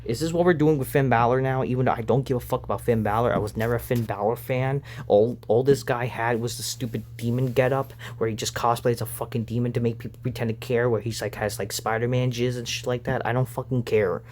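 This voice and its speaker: A man's voice: mid-range voice, fairly even intonation, quick pace, hardly any pauses, a little mellow, slight background noise. A man reviewing a wrestling show in an angry, profane rant, sighing with exasperation between points. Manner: profane, exasperated, frequent sighs.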